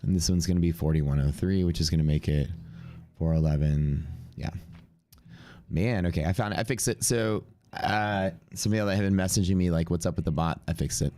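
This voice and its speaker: Young adult male streamer, deep voice, sniffly with a cold, casual thinking-aloud commentary. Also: a little fast, dark tone. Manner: offhand, thinking aloud while reading out numbers. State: congested with sniffles. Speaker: live-stream day trader.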